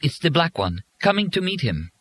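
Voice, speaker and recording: A man's voice: a little high, very animated, normal speed, a bit bright, voice pushed up. A man reading an audiobook, voicing an anxious young woman who speaks with emotional urgency.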